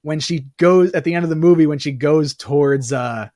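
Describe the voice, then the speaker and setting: A man with a fairly high voice chats casually as a podcast co-host. He talks in quick, animated bursts with plenty of fillers. The close mic gives a dry, deadened sound. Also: no echo. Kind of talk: casual movie review chat.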